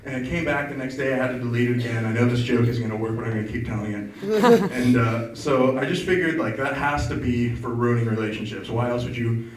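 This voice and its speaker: A man's voice: mid-range voice, fairly quick, few pauses, recorded from a distance. Man doing a rambling stand-up set. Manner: rambling, self-deprecating, offhand delivery. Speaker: stand-up comedian. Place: comedy club, open mic. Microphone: stage mic recorded from far off. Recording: echoey club taped from afar with crowd. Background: audience laughter.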